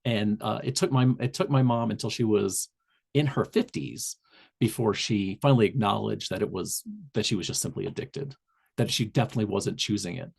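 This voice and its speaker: Gravelly man with a Southern Indiana accent. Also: fairly low pitch, brisk, darkish tone. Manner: loose, rambling with many fillers and restarts. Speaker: public health trainer. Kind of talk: webinar presentation. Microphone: video call.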